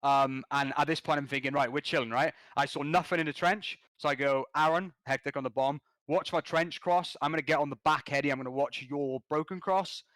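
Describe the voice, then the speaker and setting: Male podcast guest, lively slangy storyteller, higher voice. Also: no echo. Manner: excitable, slangy, quick restarts. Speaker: podcast guest, competitive gamer. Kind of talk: animated storytelling.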